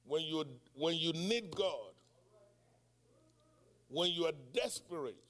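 A man in his sixties preaches with a high-pitched voice, taking his time over each phrase. He keeps asking the congregation questions and bursts into loud cries of prayer. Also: lively intonation, slow. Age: 60s. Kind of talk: sermon.

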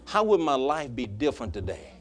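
A man preaching a sermon, telling a personal story in a folksy way that swings from loud to hushed. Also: mid-range voice, very animated, fairly quick. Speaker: pastor.

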